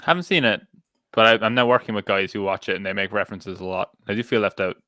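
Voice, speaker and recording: An easygoing man in a casual podcast chat. His voice sits low but has a bright, forward edge, and it is recorded dry and close. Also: fast, no echo. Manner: easygoing, brief agreeing replies. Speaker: podcast panelist.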